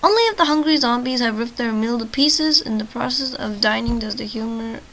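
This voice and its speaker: A woman's voice: on the high side, lively intonation, fairly quick, a bit bright, a little hiss or hum, poor audio. A woman hosting a gaming channel reads a text adventure game aloud. She trips over words and breaks off into joking side comments, and she says she is short on sleep. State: tired from little sleep.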